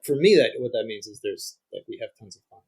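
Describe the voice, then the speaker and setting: A man's voice: medium pitch, animated, quick pace, darkish tone, husky, rough recording. A middle-aged man, a guest scholar, explaining ancient music in conversation, thinking aloud with frequent restarts. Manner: thinks aloud, restarts often, demonstrates on guitar.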